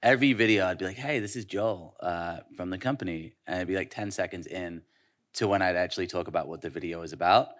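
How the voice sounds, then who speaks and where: A man's voice: sits low, fairly bright tone. A man speaking casually on a conference panel, conversational, with frequent fillers and restarts. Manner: conversational, quick hooks, many fillers and restarts. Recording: live conference session.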